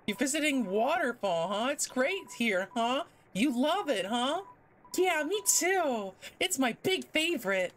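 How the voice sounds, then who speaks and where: A woman voicing a cheerful, chatty onion sea creature in a game, high and drawn out. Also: sing-song, measured pace, a little hiss or hum. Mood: gushing.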